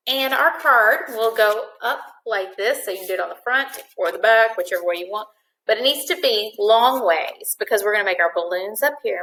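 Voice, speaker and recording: A woman teacher walks young children through a craft project in a video lesson. Her voice sits a touch high, and every instruction comes patiently and clearly. The room around her has a noticeable echo. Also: fairly bright tone. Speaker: first-grade teacher. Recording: echoey room.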